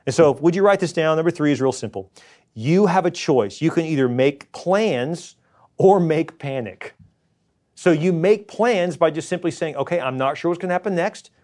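A man's voice: animated, normal speed, a little mellow. A middle-aged man preaching a sermon as pastor, earnest and encouraging, now and then acting out worried voices. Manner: earnest, acts out worried voices in a higher pitch.

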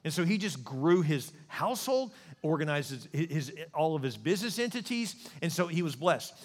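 A male pastor delivers a sermon in an animated, joking storytelling manner. His voice sits fairly high. The sound rings with long reverb from a large hall.

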